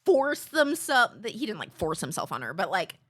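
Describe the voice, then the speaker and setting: A woman streamer telling stories in casual chat, animated and swearing freely. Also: low voice, fast talker, breathy edge.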